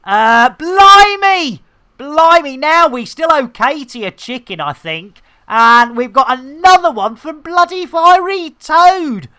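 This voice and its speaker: A middle-aged man with a British accent rambles through a live game stream, cheeky and chatty. His voice is bright and forward. Bursts of excitement break up the banter. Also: very high-pitched, measured pace, few pauses. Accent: British English. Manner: chatty, jokey, excitable exclamations. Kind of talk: casual live-stream chat.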